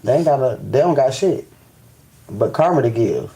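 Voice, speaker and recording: A man's voice: medium pitch, expressive, moderate pace, vocal fry, background noise. A man hosting a spiritual live stream, ranting in casual, profane speech and repeating "you know what I'm saying.". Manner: restarts and stammers when fired up.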